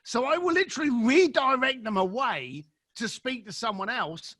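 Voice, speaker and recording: A man's voice: extremely high pitch, expressive, moderate pace, pushed and bright. A man, a guest on a podcast, telling anecdotes in a wry, casual way. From Britain. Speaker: guest, concierge. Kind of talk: casual interview storytelling.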